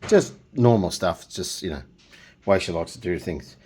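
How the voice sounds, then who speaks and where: A middle-aged man talks through a casual painting lesson in a low voice that jumps around with lively intonation. He keeps up a joking, chatty commentary while he works and drifts into humming silly nonsense tunes. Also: normal speed, a little hiss or hum. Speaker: painting tutorial host.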